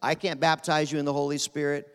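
A man from Pennsylvania, preaching a sermon as guest speaker in a quick, animated, rapid-fire way. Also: on the high side, clean tone. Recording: long reverb of a large hall.

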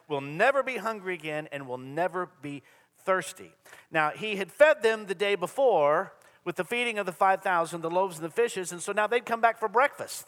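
Preaching a Sunday sermon in a church sanctuary, this pastor speaks in a high-pitched, fairly bright male voice. He sounds earnest, repeats himself, and slips in dry humor, all under a long hall reverb.

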